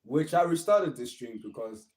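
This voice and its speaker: Brief: young male streamer, encouraging and repetitive, mid-pitched, casual motivational talk. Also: lively intonation, normal speed, a little mellow, rough recording. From South Africa. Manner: earnest, encouraging, repetitive phrasing. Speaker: livestream host.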